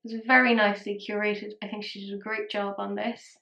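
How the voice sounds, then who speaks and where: A woman's voice: medium pitch, flat delivery, a little fast, vocal fry, sharp tone, muffled recording. Woman, casual makeup vlog chat, self-mocking asides, roomy echo. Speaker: makeup vlogger.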